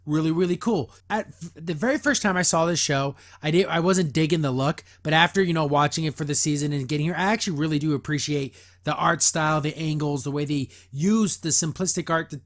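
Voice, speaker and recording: Guy on his podcast going over an episode, kinda high voice, lots of um and like. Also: quick pace, hardly any pauses. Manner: rambling retelling with many fillers and restarts. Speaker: podcast host. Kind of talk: casual episode recap and review.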